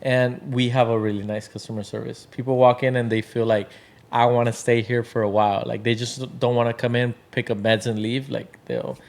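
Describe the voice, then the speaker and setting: A man's voice: mid-range voice, flat delivery, brisk, vocal fry. A man chatting casually as a podcast guest, rambling with lots of fillers and acting out quotes from other people. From Washington state, Tri-Cities area. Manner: loose, filler-heavy storytelling with acted-out quotes. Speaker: podcast guest, drink brand founder.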